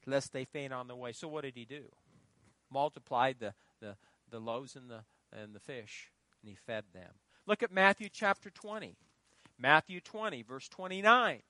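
A middle-aged man preaching in a church, his voice pitched very high for a man and swinging widely in an animated delivery. His tone is bright and forceful, and the sound is close and dry. He presses points hard and pauses to let the congregation call out the next word. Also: no echo. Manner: emphatic preaching, prompting the congregation to fill in words. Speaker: pastor. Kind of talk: sermon.

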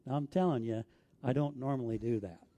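A man's voice: medium pitch, fairly quick, warm tone. A middle-aged man with an Arkansas accent, preaching a sermon as a pastor, telling stories in an earnest, folksy way.

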